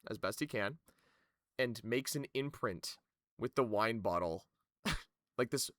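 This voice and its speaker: A man's voice: medium pitch, lively intonation, slow pace, a bit bright, no room sound, clean studio sound. A man narrating as game master in a tabletop game, with loose narration full of fillers.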